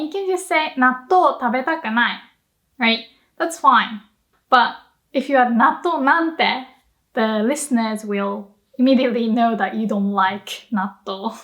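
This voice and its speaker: A woman's voice: on the high side, a bit bright. A young woman teaching a casual video lesson, playful and laughing often as she explains, now and then acting out emotional example lines. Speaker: language teacher.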